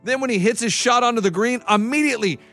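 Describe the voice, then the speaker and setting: A man hosting a casual sports talk show, telling stories in an excitable, animated way. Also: very high voice, fast, faint music behind.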